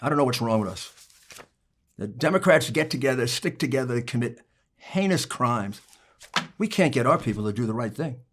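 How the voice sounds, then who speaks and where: A man putting on the voice of a timid, meek man who pleads softly and with mock politeness. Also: medium pitch, lively intonation, moderate pace, voice pushed down, close to an everyday voice. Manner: soft, apologetic, mock-polite.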